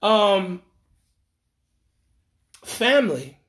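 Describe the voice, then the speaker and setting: A man talks in a loose, rambling monologue, full of slang and false starts. His voice sits high for a man. He slips into quoted voices to act out the people in his story. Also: drawn-out words. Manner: rambling, animated, acts out quoted lines; frequent fillers and restarts, slangy.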